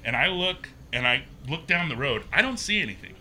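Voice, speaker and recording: A young man casually telling a ghost story, animated and acting out the quotes. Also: a little fast, slight background noise. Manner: animated, acts out quotes with pitch jumps.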